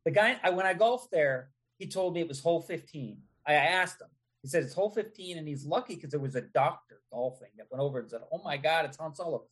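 A man guest on a casual podcast, chatting excitedly and reciting sports stats. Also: fairly high pitch, fast talker, hardly any pauses, breathy edge.

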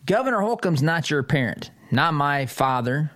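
Very animated and fairly bright in tone, this middle-aged political commentary host speaks at a moderate pace. He reads an article out loud, reacting with sarcasm and emphatic pitch leaps.

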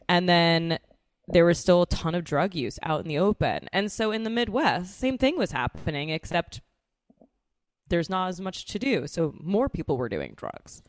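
A woman's voice: fairly low pitch, no room sound, clean studio sound. A young adult woman from New York City co-hosting a podcast, chatting casually and joking with frequent restarts. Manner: chatty, jokey, prone to restarts. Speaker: podcast co-host. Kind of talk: casual chat.

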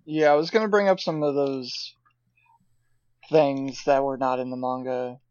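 A man co-hosting a podcast, chatting casually and relaxed, agreeing and adding his views. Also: mid-range voice, unhurried, no room sound. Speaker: podcast co-host. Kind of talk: casual chat. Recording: dull, dry lo-fi mic.

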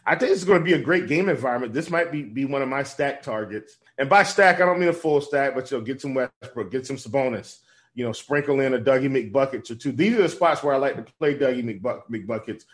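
A man co-hosting a fantasy basketball podcast in casual chat, often stumbling and repeating words with many fillers. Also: medium pitch.

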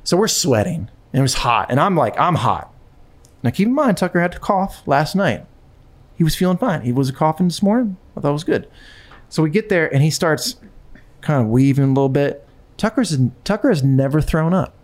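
Man telling an animated story. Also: fairly high pitch, a little fast. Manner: animated, with frequent restarts and repetitions. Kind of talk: casual storytelling conversation.

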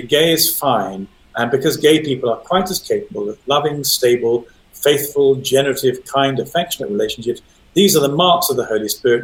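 A man's voice: mid-range voice, echoey room, low-quality recording. An older man in casual chat, hesitant and repeating words, with wry asides. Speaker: panelist. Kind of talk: conversational commentary.

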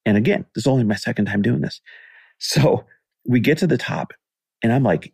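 A man's voice: mid-range voice, lively intonation, a little fast, a little mellow, husky, dry recording, studio quality. A man in his forties telling a personal story in a candid, conversational way as a podcast host, acting out what people said. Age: 40s. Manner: candid, conversational, acts out quoted dialogue.

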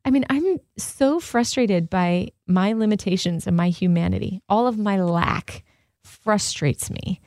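A woman's voice: medium pitch, a little slow, darkish tone, dry recording. A woman co-hosting a radio show, chatting expressively and laughing easily from a studio mic. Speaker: radio co-host. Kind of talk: casual radio chat. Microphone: studio microphone.

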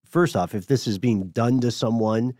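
A man co-hosting a casual podcast chat, calmly explaining and steering the topic. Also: medium pitch, normal speed, no echo, clean studio sound. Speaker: podcast co-host.

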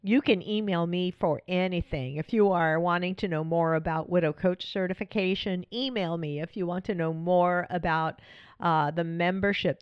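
Chatty woman podcast host, lowish voice. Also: clear, resonant tone, dry recording, highs cut off. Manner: warm, chatty, laughs often. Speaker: podcast host and widow coach. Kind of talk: casual podcast monologue.

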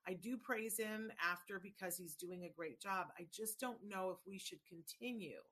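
A woman's voice: medium pitch, normal speed, fairly bright tone, slightly rough. A woman hosting a live question-and-answer show, reading viewer questions aloud in an upbeat, friendly way.

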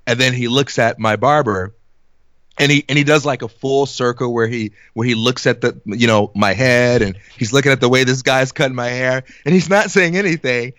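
A young man in his twenties telling an animated, laugh-filled story in casual podcast chat. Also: mid-range voice, normal speed, no room sound, studio quality.

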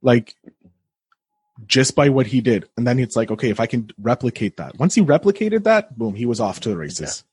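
A man's voice: mid-range voice, sing-song, moderate pace, a little mellow, husky, no echo. A man hosting a casual podcast, chatty and rambling, often repeating himself. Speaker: podcast host.

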